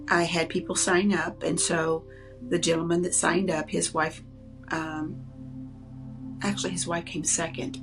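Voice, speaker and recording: A woman who works as a psychic medium, telling a personal story in an earnest, animated way and acting out the people she quotes. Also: fairly low pitch.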